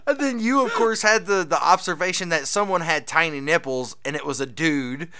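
A man's voice: fairly high pitch, lively intonation, normal speed, pushed and bright, clean tone. A man co-hosting a podcast, chatting casually in a laid-back way and laughing often. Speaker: podcast co-host. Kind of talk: casual banter.

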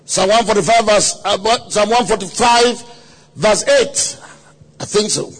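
A man preaching a sermon at a conference, telling a story dramatically with quoted voices and sudden shouts. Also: sits high, unhurried. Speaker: pastor. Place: conference hall.

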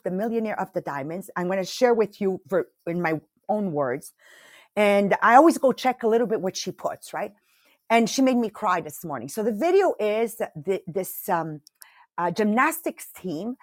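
A woman hosting a morning motivational podcast, talking straight to her listeners with lively, emotional energy. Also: mid-range voice, no echo, studio quality. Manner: animated, emotional, addresses listeners directly. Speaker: podcast host.

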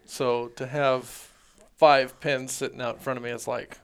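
A man's voice: mid-range voice, little pitch movement, moderate pace, crowd noise. A man in a casual podcast chat, trading jokes and hunting talk.

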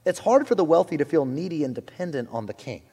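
Animated, chatty male preacher. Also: on the high side, fast talker, slightly rough, long reverb tail. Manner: conversational and animated, frequent "like" and "you know". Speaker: pastor. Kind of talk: sermon.

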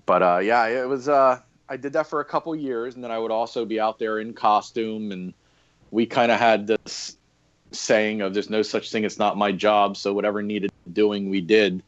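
A man with a lowish, steady voice speaks at normal speed as a podcast guest, casually rambling through anecdotes about his past jobs as a historic fort coordinator and EMT. His interview storytelling is full of fillers and laughs, captured in dull lo-fi remote audio.

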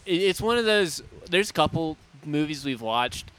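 A man's voice: a little high, animated, moderate pace, a bit bright, clear, resonant tone. A man co-hosting a film podcast, chatting casually and often stammering and restarting his sentences. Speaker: podcast co-host. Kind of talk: casual chat.

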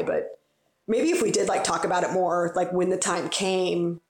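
Funeral director lady in her 40s, gravelly low voice, rambly casual chat, echoey room. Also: steady tone, fast. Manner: chatty, rambling, lots of fillers. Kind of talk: casual podcast conversation. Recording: roomy echo.

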